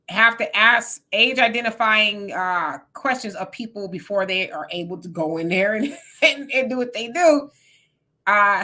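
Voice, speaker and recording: Bright, lively woman hosting a live chat. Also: fairly high pitch. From Texas. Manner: animated, laughs often, greets viewers by name. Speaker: host of a live stream. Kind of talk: casual live chat reading viewer comments.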